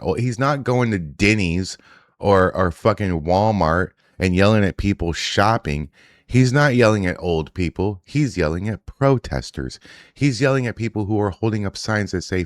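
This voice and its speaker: A man with a very low voice gives casual reaction commentary on viral clips. He is blunt, profane and sarcastic, and the recording is dry and close. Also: lively intonation, moderate pace, no echo.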